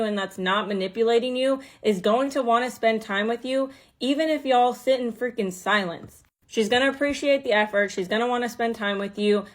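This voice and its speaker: A woman giving reaction commentary in a blunt, exasperated way, swearing freely. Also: mid-range voice.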